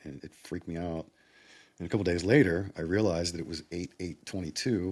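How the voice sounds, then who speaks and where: Middle-aged man, low husky voice, rapid rambling vlog storytelling that keeps breaking into laughter. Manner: rambling, excitable, laughs between phrases. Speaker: vlogger. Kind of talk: personal storytelling monologue.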